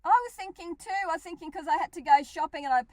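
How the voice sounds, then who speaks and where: A woman's voice: very high-pitched, quick pace, darkish tone, no room sound. A middle-aged Australian woman, a regular on a radio show, chatting casually and animatedly, laughing often.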